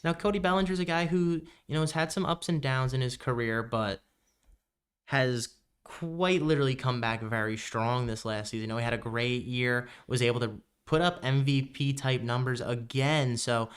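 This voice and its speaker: Young guy podcasting about baseball, smooth clear voice, loose and rambly, kinda hiccupy. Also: mid-range voice, normal speed. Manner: relaxed, rambling with fillers. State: has the hiccups. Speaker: podcast co-host. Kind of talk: casual sports chat.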